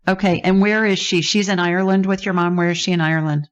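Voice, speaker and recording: A woman who is a psychic hosts a call-in podcast, chatting with callers in a soothing, chatty and descriptive manner. Her voice is lowish with fairly even intonation and a fast pace, and the recording has a dull lo-fi sound.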